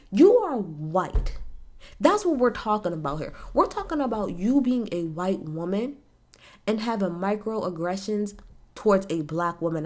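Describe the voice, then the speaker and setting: Woman, casual opinionated recap, blunt, animated, swears freely. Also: fairly high pitch. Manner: blunt, animated, swears freely, talks straight at the people she discusses. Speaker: reality TV recap host.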